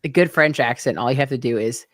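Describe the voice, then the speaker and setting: A woman's voice: a bass voice, fast talker. A woman co-hosting a live chat show, teasing her friends and laughing often. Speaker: co-host. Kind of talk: playful live show banter.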